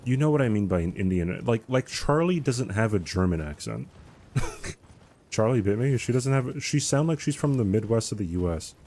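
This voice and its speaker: Deep-voiced man casually streaming a game. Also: animated, normal speed, darkish tone, a little hiss or hum. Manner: rambling, chatty, answers viewer chat. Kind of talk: casual live-stream commentary while gaming.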